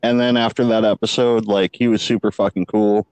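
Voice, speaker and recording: A man's voice: fairly low pitch, level tone, a little fast, darkish tone, poor audio. A man co-hosting a podcast in casual, easygoing chat. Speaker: podcast co-host.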